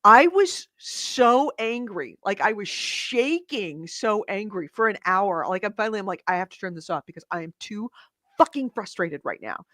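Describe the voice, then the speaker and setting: A woman co-hosting a casual gaming podcast over a call, animated and swearing freely as she tells stories. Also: medium pitch, normal speed, dry recording, studio quality. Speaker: podcast co-host. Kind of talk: casual chat. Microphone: remote call mic with echo cancellation.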